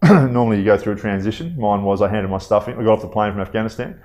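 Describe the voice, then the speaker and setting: An Australian man in his thirties, a guest telling stories in a relaxed interview, conversational with fillers and asides. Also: on the low side, quick pace. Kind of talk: casual interview storytelling.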